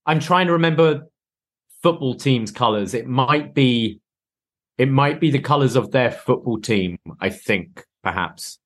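A British man co-hosting a podcast, chatting about wrestling in a measured, hedging way. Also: medium pitch, expressive, fairly bright tone. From Britain. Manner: measured, hedging, self-deprecating. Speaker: podcast co-host. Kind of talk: casual wrestling recap chat.

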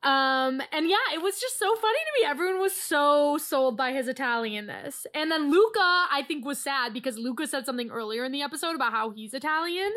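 A woman's voice: high-pitched, lively intonation, a bit bright. A woman co-hosting a casual podcast, chatting and laughing while recapping a reality show. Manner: chatty, playful, quick to laugh. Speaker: podcast co-host.

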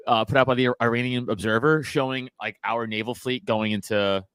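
A man's voice: medium pitch, steady tone, fairly quick, a bit bright, clear, resonant tone, dry recording, clean studio sound. A man co-hosting a podcast, talking in casual, crude banter with lots of laughs and restarts. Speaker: podcast co-host. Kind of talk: casual profane group chat.

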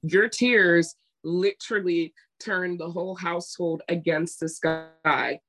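A woman's voice: lowish voice, slow, music in the background. A woman co-hosting a casual chat, telling stories emphatically and acting out what people said. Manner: emphatic, retells scenes with quoted voices. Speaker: podcast co-host.

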